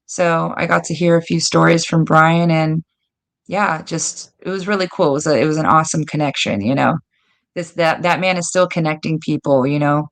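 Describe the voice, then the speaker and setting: A woman guest telling lively stories in a casual interview, acting out quoted dialogue. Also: low-pitched, normal speed, vocal fry. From United States. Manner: animated, lots of "like" and quoted dialogue. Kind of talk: casual storytelling.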